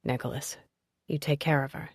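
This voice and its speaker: A woman voicing a loving middle-aged father who speaks low, quiet and tender. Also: fairly even intonation, moderate pace, husky, no room sound, clean studio sound.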